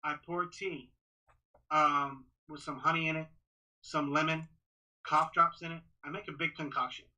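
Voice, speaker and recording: A man's voice: on the high side, low-quality recording. A man from Texas who works as a ring announcer, talking casually in a podcast interview, often restarting and repeating words. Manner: restarts, repeats words, talks fast and excited.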